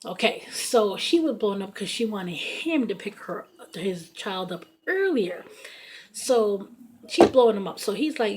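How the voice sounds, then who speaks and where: A woman's voice: mid-range voice, unhurried, background noise. A woman in her thirties telling a personal story in casual storytime fashion, blunt and profane, with lots of fillers. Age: 30s. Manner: blunt, profane, animated retelling full of fillers.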